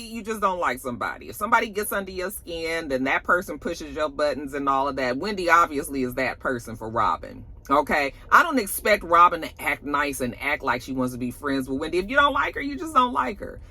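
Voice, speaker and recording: A woman recapping a reality show in a blunt, sassy way, swearing freely and acting out the cast. Her voice is bright and forward. Her pitch leaps and dips all through her talk. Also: very animated, fairly quick, hardly any pauses. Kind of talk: casual TV recap commentary.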